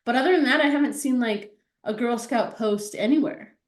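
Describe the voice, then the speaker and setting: A woman's voice: fairly high pitch, fairly quick. A woman co-hosting a live stream on a video call, chatting casually and animatedly and laughing easily. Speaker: stream co-host. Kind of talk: casual chat. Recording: roomy video-call audio.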